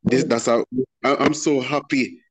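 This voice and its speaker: A man giving a slow, earnest testimony at a prayer meeting, repeating himself for emphasis. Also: medium pitch, fairly even intonation, crowd noise. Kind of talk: spoken testimony.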